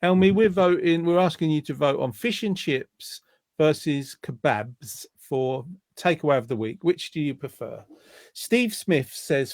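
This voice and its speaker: A man's voice: a little high, unhurried, a little mellow, dry recording, studio quality. A man hosting a casual online show, reading viewer comments aloud and joking. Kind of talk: casual live-stream chat.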